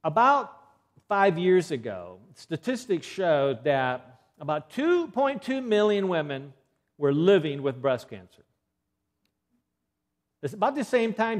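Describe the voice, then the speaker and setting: A man giving an earnest health lecture, emphatic and given to repeating key points. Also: fairly high pitch.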